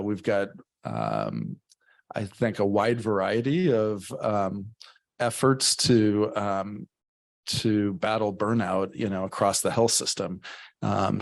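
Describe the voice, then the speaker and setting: An older man answering at a panel discussion, measured and full of fillers. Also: lowish voice. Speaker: health system leader on a panel.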